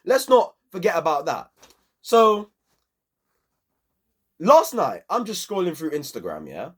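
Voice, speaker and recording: Young man, lively pitch swings, fairly high voice, emphatic slangy match review. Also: unhurried, slightly rough. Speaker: football channel host.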